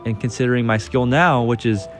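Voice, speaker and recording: A young man telling a casual personal story over gameplay, excitable and rambling, often repeating his phrases. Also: mid-range voice, fairly quick, faint music behind. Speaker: channel host.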